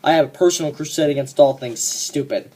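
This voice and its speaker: Fan performer playing a cocky young man, smug, profane, ranting monologue, mid pitch. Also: a little fast, warm tone, lightly acted. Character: cocky young man venting about a coworker. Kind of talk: fan-made comedic rant monologue.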